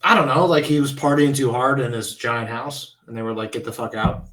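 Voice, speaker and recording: A man's voice: medium pitch, brisk, a bit bright, roomy sound, rough recording. A man who is a guest in a casual chat, laid-back and joking, swearing freely. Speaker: podcast guest.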